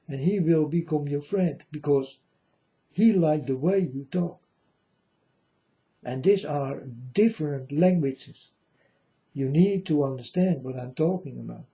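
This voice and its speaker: In a lo-fi recording, a man who presents himself as a spiritual speaker rambles through a casual, profane monologue, often saying "you know" and using non-native English grammar. His voice is fairly high yet gravelly and dark, and he takes his time.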